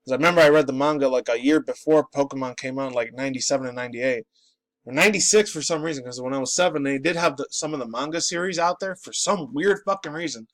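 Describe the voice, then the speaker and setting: A man's voice: medium pitch, fast, no echo. A man in his late twenties, just woken up and groggy, ranting and rambling in a profane, casual commentary. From New York City. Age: late 20s. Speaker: pop culture vlogger.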